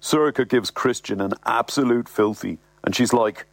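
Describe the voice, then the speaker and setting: A man reading a comic first-person story in a wry, brisk way. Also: mid-range voice, creaky, no echo. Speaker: reader.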